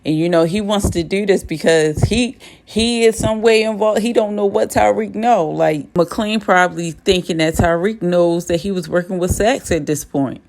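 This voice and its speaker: A woman's voice: on the low side, moderate pace, few pauses, darkish tone. A woman recapping a TV episode in a casual, blunt, profane style. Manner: blunt, profane, gossipy retelling.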